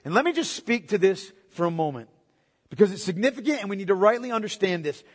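A man's voice: sits high, animated, fast, breathy edge. A male pastor preaching a sermon with emphatic rhetorical questions and repetition. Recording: long hall reverb.

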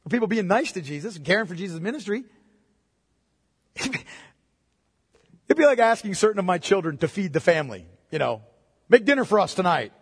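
A middle-aged man preaching a sermon, conversational and animated, with joking asides. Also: high voice, brisk, pauses often, breathy edge. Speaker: pastor. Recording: reverberant hall.

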